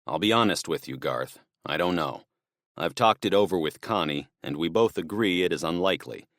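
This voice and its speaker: A man reading an audiobook, voicing a calm, practical middle-aged father who gives his son firm, serious instructions. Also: low voice, normal speed, no echo, clean studio sound. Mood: firm worried.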